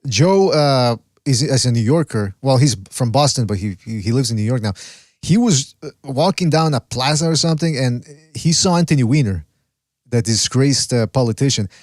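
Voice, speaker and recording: A man's voice: medium pitch, lively intonation, moderate pace, a little mellow, dry recording, studio quality. A man hosting a boxing podcast, joking and boasting in rambling, casual banter with lots of restarts.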